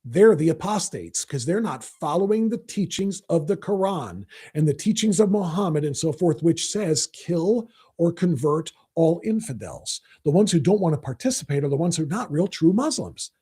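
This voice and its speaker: A man hosting a political talk show, delivering an emphatic, repetitive monologue that builds to forceful outbursts. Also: fairly high pitch, expressive, fairly quick, few pauses, husky. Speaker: podcast host.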